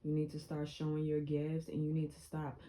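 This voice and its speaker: A woman's voice: low-pitched, completely flat delivery, fairly quick, warm tone, a little hiss or hum, low-quality recording. A young woman, talking earnestly to her viewers in a casual motivational vlog and repeating herself for emphasis. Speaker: vlogger.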